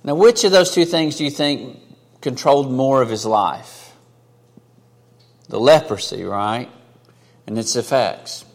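A man preaching a sermon in an earnest, conversational way, rising for emphasis and dropping low and quiet for asides. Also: a little slow, pauses often, in a large hall. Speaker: pastor.

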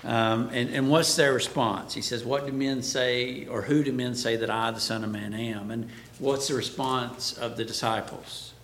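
A man's voice: fairly even intonation, normal speed, few pauses, a bit bright. A man preaching a Bible class sermon, who asks the class questions and then answers them himself. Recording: echoey room, faint background rumble.

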